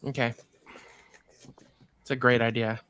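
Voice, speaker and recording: A man's voice: medium pitch, little pitch movement, a little slow, fairly bright tone, a little hiss or hum. A man hosting a casual movie watch-along, chatting with enthusiasm. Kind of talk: casual chat.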